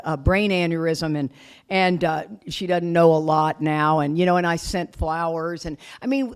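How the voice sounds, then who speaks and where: A woman speaking at a recovery retreat, telling her story candidly with some swearing. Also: fairly low pitch. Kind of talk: recovery meeting talk. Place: retreat meeting room.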